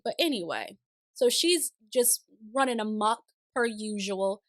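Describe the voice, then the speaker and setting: A woman's voice: medium pitch, animated, a little slow, no echo, clean studio sound. A young woman recapping a reality show in casual, sassy commentary with exasperated, opinionated asides.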